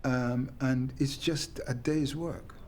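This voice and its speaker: A man speaking in a measured, thoughtful way with some hesitations, in a documentary interview. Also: mid-range voice, fairly even intonation.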